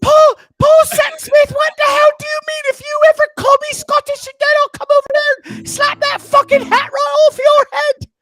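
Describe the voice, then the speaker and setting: A man's voice: extremely high pitch, monotone, moderate pace, hardly any pauses, voice pushed up. A man putting on his older British mother, a fierce scolding woman. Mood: threatening. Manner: shrieking, scolding.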